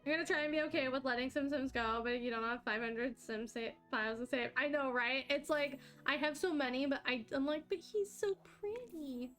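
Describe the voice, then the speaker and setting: A woman streaming a life-simulation game live, chatting with her viewers and reacting excitedly to the game. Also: high-pitched, fairly quick, few pauses, faint music behind. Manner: chatty, excitable, talks to chat while playing.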